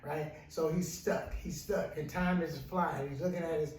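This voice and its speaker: A man's voice: a little high, fairly even intonation, moderate pace, darkish tone, slight background noise. A male counselor telling a story in a rambling, repetitive way, often asking "right?". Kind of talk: storytelling talk. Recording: roomy echo, mic at a distance.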